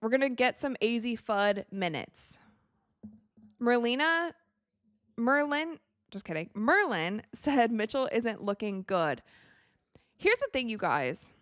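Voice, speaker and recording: A woman's voice: mid-range voice, sing-song, a little slow, a bit bright, dry recording, studio quality. A woman hosting a casual live-stream watch party from her home set, chatting, reading out viewer comments and laughing often.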